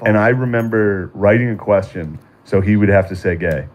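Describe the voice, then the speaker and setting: A man's voice: fairly low pitch, normal speed, lo-fi sound, a crowd in the background. A man in casual chat, reacting with amused jokes and a story of his own.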